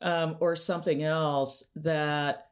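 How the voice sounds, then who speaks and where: Interview guest: woman, animated storyteller, measured unhurried delivery. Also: low voice. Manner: animated storyteller, laughs often, acts out quotes.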